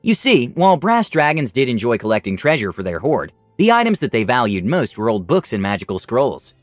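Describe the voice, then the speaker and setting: A man's voice: medium pitch, brisk, dry recording, soft background music. A man narrating a first-person fantasy story in a dramatic storytelling manner. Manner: dramatic storytelling, lively rise and fall.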